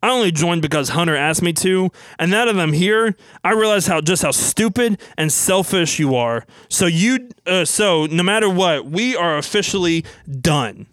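A man's voice: sits high, animated, normal speed, few pauses, fairly bright tone, no room sound. Man doing a bitter, accusing wrestler. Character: angry male wrestler quitting his team.

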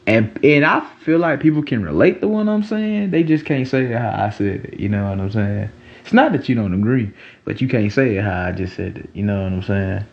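Gravelly young man rambling casually. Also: on the low side, expressive, fairly quick, lo-fi sound. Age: 20s. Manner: rambling, slangy, frequent "you know what I'm saying". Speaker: podcast host. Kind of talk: casual monologue.

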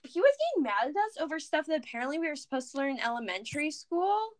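A teenage girl chatting casually with friends, telling animated stories full of "like" and acted-out quotes. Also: sits high, fast talker. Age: teens. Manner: excitable storyteller, lots of "like". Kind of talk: casual chat among friends.

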